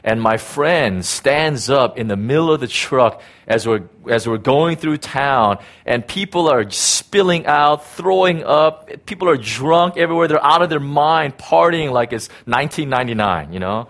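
A man's voice: mid-range voice, lively intonation, moderate pace, hardly any pauses, a bit bright. A middle-aged man, a pastor, telling a personal story in a casual, rambling sermon with many fillers and restarts.

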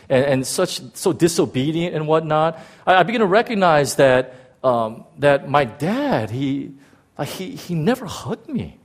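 A middle-aged male pastor telling a personal story in a sermon, acting out voices and often stammering into restarts. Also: a little high. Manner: animated, acts out quotes, frequent stammered restarts.

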